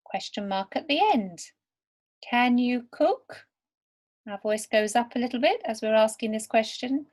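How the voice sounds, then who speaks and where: A woman teaching English to beginners over slides, speaking slowly and deliberately word by word. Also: on the high side, expressive, a little mellow. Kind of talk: slow, clear lesson for beginner learners.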